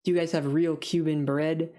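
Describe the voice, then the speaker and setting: A woman's voice: sits low, little pitch movement, moderate pace, warm tone, lightly acted. A woman putting on a picky male customer who asks for his food the proper way and drawls dismissively. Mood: fussy.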